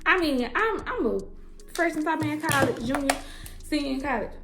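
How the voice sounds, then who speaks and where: Over music, a young woman with a high voice, a hairstylist and entrepreneur, tells her story to the camera at a moderate pace. Her delivery is blunt and emphatic, with free swearing and frequent "girl" and "y'all."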